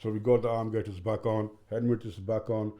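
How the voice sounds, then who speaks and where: A man, a father and carer, speaking in an interview in a halting way and often saying "you know". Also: on the low side, level tone, mellow.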